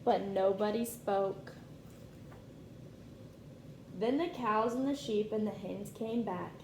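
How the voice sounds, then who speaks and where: A woman teacher reading a picture book aloud to her class in a slow, clear storytime delivery. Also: mid-range voice, a little mellow, reverberant, slight background noise.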